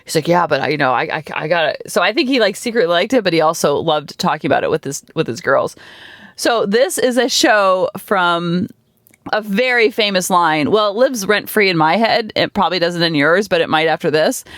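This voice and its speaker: Middle-aged lady rambling on her podcast, lively and chatty, super dry close mic sound. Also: on the low side, moderate pace, no echo. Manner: chatty, animated storytelling with many fillers. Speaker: podcast host and coach. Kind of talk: casual podcast monologue. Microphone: studio podcast microphone.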